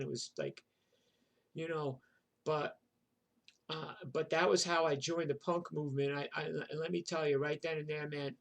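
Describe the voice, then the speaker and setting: Profane rambling New man in his 60s. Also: on the high side. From New York. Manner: rambling and profane, full of "like" and "you know". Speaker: storyteller. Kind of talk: casual spoken memoir.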